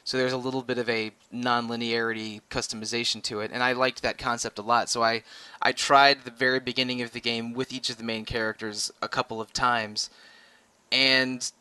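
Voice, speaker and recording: Man, co-host, chatty, stammering restarts, crisp close sound. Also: mid-range voice, flat delivery, a little fast, sharp tone, no echo. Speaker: podcast co-host. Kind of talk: casual podcast chat.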